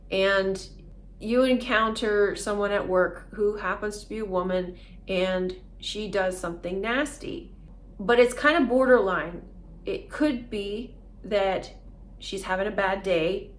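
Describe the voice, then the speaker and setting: Earnest woman explaining self-help ideas. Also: mid-range voice. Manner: earnest, laughs often while explaining. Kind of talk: casual explanatory monologue.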